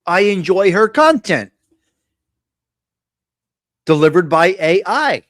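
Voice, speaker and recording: A man with a fairly high voice rambles through a casual live stream, blunt and quick to mock. The sound is dry and close, with no room around him. He jumps from thought to thought in plain everyday talk. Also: big pitch swings, a bit bright, no echo. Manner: rambling, blunt, mocking asides.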